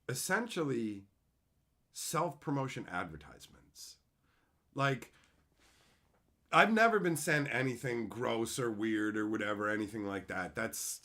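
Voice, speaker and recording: A man hosting a card-opening stream, chatting casually and ranting with lots of swearing. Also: mid-range voice. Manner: profane, ranting and animated. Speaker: card-opening show host. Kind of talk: casual livestream chat.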